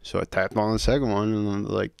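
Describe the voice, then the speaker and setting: A young man co-hosting a casual podcast, with dry deadpan asides. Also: fairly low pitch, fairly quick, creaky, smooth, no room sound. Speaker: podcast co-host. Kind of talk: casual chat.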